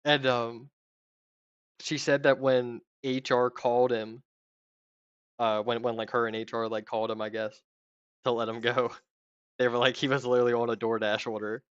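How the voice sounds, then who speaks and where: A man's voice: medium pitch, level tone, moderate pace, long pauses, smooth, no room sound, muffled recording. A young man in casual chat while gaming, rambling with lots of fillers and swearing freely.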